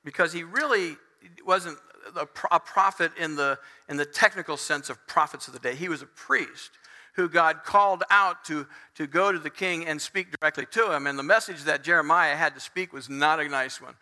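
A man's voice: on the high side, pushed and bright. A man preaching a conversational sermon, acting out the psalmist's complaints to God. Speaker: pastor. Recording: reverberant hall.

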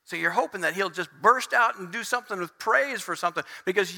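A man's voice: sits high, fast, gravelly, hardly any pauses, sharp tone. A man preaching a conversational sermon, acting out the psalmist's complaints to God. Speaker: pastor. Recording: reverberant hall.

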